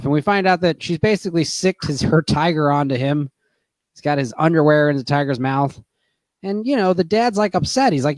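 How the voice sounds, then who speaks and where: A man's voice: a little high, lively intonation, a little fast, dry recording. A young man casually recapping a movie on a stream, rambling and profane with lots of fillers. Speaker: podcast host.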